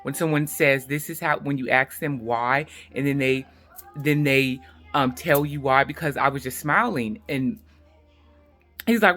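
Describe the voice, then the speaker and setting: A woman's voice: lowish voice, normal speed, fairly bright tone. A middle-aged woman vlogging to camera in a chatty, emphatic way, repeating herself for stress. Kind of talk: casual talk to camera.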